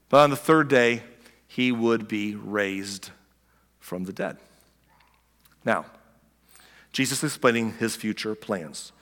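A man preaching a sermon, animated and storytelling, acting out the people in the story and chuckling now and then. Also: mid-range voice. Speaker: pastor. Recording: long hall reverb.

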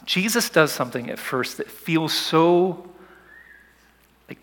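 Bright-voiced man preaching in an echoing hall. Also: a little high, animated, takes it slowly. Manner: dramatic, swinging from soft whispers to loud urging. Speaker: pastor. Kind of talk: sermon.

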